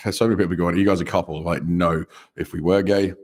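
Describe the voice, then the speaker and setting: A man's voice: low voice, steady tone, a little fast, darkish tone. A man from the UK co-hosting a podcast in casual, blunt chat, who swears freely and laughs often. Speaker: podcast co-host.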